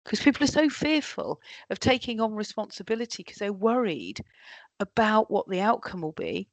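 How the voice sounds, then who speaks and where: A woman's voice: medium pitch, moderate pace, no echo. A woman giving a leadership workshop talk, often acting out what colleagues say. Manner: lively, acts out quoted colleagues. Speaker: workshop trainer.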